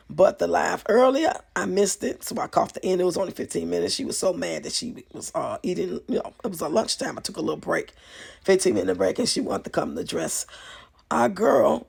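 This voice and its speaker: A woman vlogger talking casually to her viewers, chatty and animated, swearing freely and laughing often. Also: fairly low pitch, fairly quick, gravelly, husky. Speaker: YouTube vlogger. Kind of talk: casual commentary vlog.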